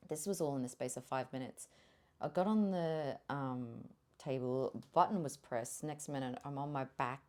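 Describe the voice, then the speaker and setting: Low-voiced woman telling her birth story. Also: normal speed. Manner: animated, swears freely, laughs often, drops to a whisper when quoting herself. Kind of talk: candid conversational storytelling.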